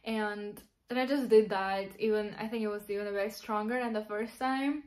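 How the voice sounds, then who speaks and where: A woman's voice: mid-range voice, steady tone, normal speed, darkish tone. A young woman telling a personal story to camera in a chatty, giggly way, full of fillers. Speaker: vlogger.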